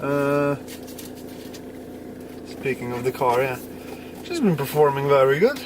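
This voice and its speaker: A man's voice: medium pitch, very animated, unhurried, far from the mic. Joking man in a noisy car. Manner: chatty, jokey, reading out numbers. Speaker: vlogger. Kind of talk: casual chat on a road trip. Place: inside a moving car. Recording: car noise, voice from off-mic.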